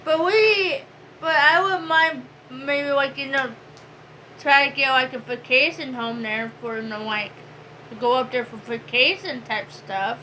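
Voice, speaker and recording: A woman's voice: high voice, a little slow, pushed and bright, slight background noise, rough recording. A woman co-hosting a home vlog, chatting casually and rambling with many fillers. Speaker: vlog co-host. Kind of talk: casual chat.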